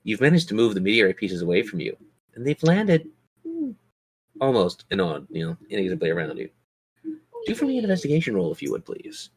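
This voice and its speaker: A man's voice: fairly low pitch, wildly swooping pitch, fairly quick, slightly rough. A man narrating a tabletop game as game master, with dramatic, descriptive narration at an uneven pace.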